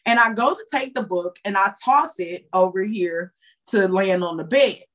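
A woman guest on a podcast, a tarot reader telling a story in a lively, chatty way with loose, slangy phrasing. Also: mid-range voice, normal speed. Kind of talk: casual storytelling.

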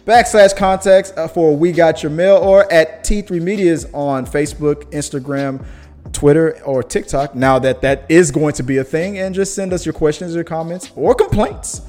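A man's voice: fairly high pitch, moderate pace, darkish tone, faint music behind. A man hosting a casual chat show, rambling with restarts and frequent laughter. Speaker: podcast host.

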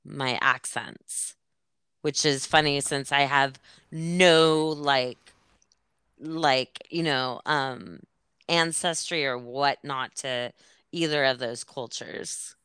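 A woman's voice: extremely low pitch, fairly even intonation, takes it slowly, a bit bright, smooth, no echo, clean studio sound. A woman hosting a podcast in casual chat, rambling and laughing as she cuts herself off. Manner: rambling, laughing, self-interrupting. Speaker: podcast host.

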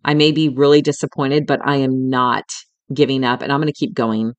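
A middle-aged woman with a very deep voice hosts a podcast, speaking briskly with fairly even intonation; the highs in the audio are cut off. She tells a personal story in a candid, emotional way, swearing some and talking to the listener like a friend.

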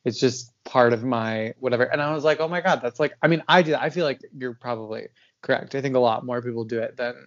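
A man's voice: medium pitch, quick pace, hardly any pauses, muffled recording. A man co-hosting a podcast in casual chat, tired and yawning, rambling with frequent laughs and fillers. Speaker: podcast co-host.

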